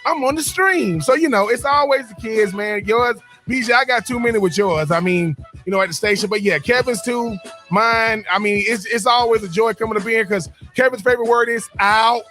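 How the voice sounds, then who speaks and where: A man's voice: sits high, a little fast, bright, forceful tone, faint music behind. A man, co-hosting a radio show, telling stories in a casual chat with frequent repeats and laughs. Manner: repeats words and restarts, laughs often.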